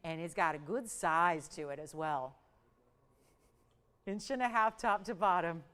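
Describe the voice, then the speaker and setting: A woman's voice: measured pace, smooth. Woman, shopping-TV host, chatty, playful, calls auction countdowns with big upward jumps; studio lapel mic. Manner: chatty, animated, jokey, pitch swings up for countdowns. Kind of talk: live jewelry auction selling.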